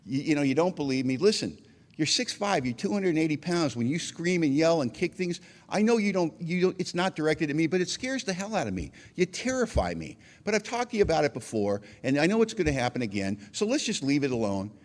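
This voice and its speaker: A man voicing his frightened, weary wife in a story, softer and higher than his own voice. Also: very animated, brisk, big-room sound. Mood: weary, firm.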